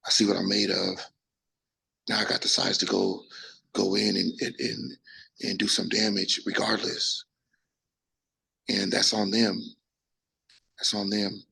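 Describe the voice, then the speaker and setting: A young man, a bodybuilder, telling his story in a casual interview, animated and full of restarts, acting out quotes. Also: fairly low pitch, a little slow, long pauses, low-quality recording. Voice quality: gravelly, husky. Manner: animated, acts out quotes, frequent restarts and profanity.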